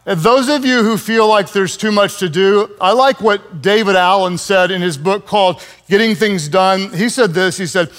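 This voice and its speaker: Brief: middle-aged male pastor, high voice, sermon delivery, emphatic call-and-response, shouts at the peaks. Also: normal speed, hardly any pauses.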